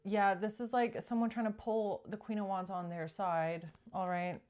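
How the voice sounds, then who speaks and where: A woman's voice: medium pitch, little pitch movement, normal speed, a little mellow. A woman doing a casual tarot reading, chatty and acting out pleading quotes along the way. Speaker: tarot reader.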